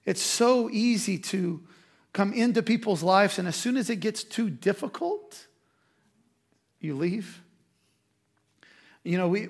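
High, gravelly-voiced man preaching. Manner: conversational, emphatic preaching with quoted asides. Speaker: pastor. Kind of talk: sermon.

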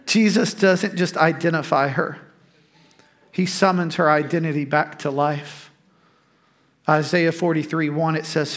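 A man preaching a sermon as pastor, emphatic and animated, breaking into laughing asides. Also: fairly high pitch, slow, long pauses.

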